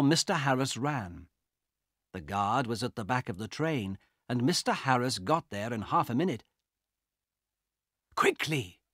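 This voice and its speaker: Guy reading a learner storybook, slow and clear, lively pitch, dry close sound. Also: dry recording. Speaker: audiobook narrator. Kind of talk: scripted narration of a graded reader.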